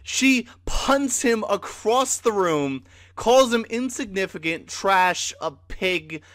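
Animated, profane male anime ranter. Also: high voice, slow pace. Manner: profane, exasperated, animated ranting. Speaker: anime reviewer. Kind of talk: ranting episode recap.

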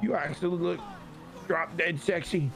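A man's voice: a little high, normal speed, over music. A man roleplaying in a game, complaining in a whiny drawl. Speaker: roleplay player.

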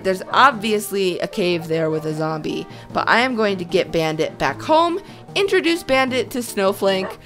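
A young woman hosting a Minecraft let's play, bubbly and excitable, gasping and shrieking at what happens. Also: medium pitch. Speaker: host.

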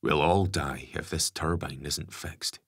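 A gruff, stubborn father speaks calmly and plainly, voiced by a male narrator. His voice sits very deep with a husky edge. The reading is close and dry. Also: measured pace, no room sound, full character voice. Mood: resigned. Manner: calm, plain-spoken.

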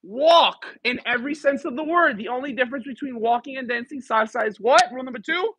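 Male dance instructor leading a class, bilingual, playful, counts steps aloud; very high, bright voice, dry. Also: animated, fairly quick, slightly rough, dry recording. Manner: counting steps aloud, mixing English and Spanish, joking with students. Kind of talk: teaching a live dance class. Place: dance studio.

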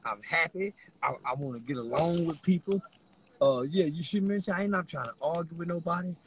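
A man rambling to the camera while high, giggling through his words, teary-eyed from laughing, with a loose, slangy way of talking. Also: a little fast, a little hiss or hum, poor audio. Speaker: vlogger. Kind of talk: rambling stoned chat to camera.

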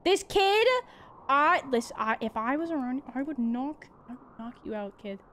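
A young woman streaming a game, chatting casually, laughing often and yelling at the game. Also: sits high, lively intonation, moderate pace, slight background noise. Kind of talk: casual gameplay commentary.

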